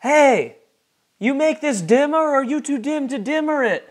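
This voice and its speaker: A man voicing a proud, short-tempered female vampire actress in a tabletop game, speaking in loud, clipped, broken phrases. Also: measured pace. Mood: exasperated. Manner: loud, shrill and indignant, broken clipped grammar.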